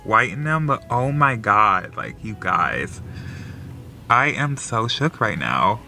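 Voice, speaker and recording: A man vlogging in a casual, emotional way, packing nearly every phrase with "like.". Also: mid-range voice. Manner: filler-heavy, says "like" constantly; excitable and emotional. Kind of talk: casual vlog chat.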